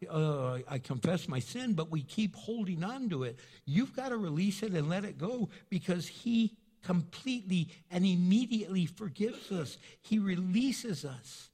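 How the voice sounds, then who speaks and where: A man's voice: sits high, darkish tone. A man preaching a sermon as pastor, emphatic and repetitive, acting out little asides for the congregation. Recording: long hall reverb.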